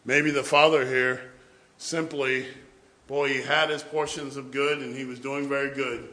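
Bright-voiced man preaching with humor. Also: medium pitch. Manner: humorous storytelling, acts out family scenes. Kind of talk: sermon. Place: church with a responding congregation.

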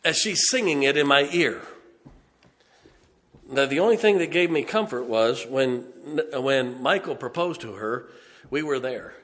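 A man, preaching a sermon in a folksy storytelling way, with punchy asides and slow, stressed points. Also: medium pitch, lively intonation, a bit bright. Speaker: pastor. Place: church sanctuary. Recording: long church reverb.

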